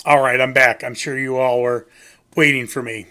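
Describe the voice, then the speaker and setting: A man's voice: medium pitch, fairly even intonation, moderate pace, pushed and bright. A man casually reviewing music on his channel, rambling and goofy, poking fun at himself. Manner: rambling, goofy, self-mocking. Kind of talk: casual rambling video talk.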